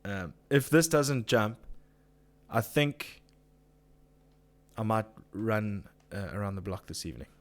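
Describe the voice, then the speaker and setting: A man's voice: fairly low pitch, animated, takes it slowly. Guy on a live stream, rants and swears, chats to viewers. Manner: ranting, swearing, reading viewer comments. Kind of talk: casual live chat.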